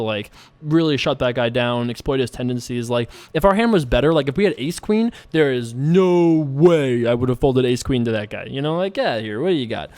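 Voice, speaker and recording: A man's voice: medium pitch, dry recording. A man hosting a poker video, talking casually and playfully with lots of fillers and little laughs while he plays. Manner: rambling and playful, many fillers, frequent self-laughing asides. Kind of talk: casual commentary while playing online poker.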